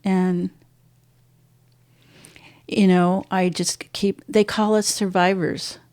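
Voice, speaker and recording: Older woman recounting loss, halting and soft. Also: little pitch movement, no echo, clean studio sound. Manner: halting, restarts often, voice drops low and soft at painful moments. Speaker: podcast guest. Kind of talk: emotional personal storytelling.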